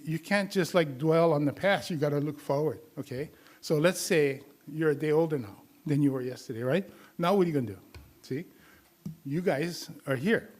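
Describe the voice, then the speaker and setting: An older man from Hawaii giving a casual, teasing health talk to a live audience, laughing often and acting out other people's voices. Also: fairly high pitch. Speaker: community health lecturer.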